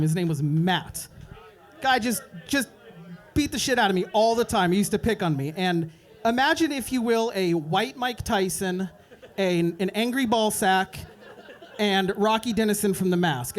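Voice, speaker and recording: A young man doing a stand-up set at an open mic night, telling a rambling story and dropping into quick voices for the people in it. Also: sits high. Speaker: stand-up comedian. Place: open mic comedy club.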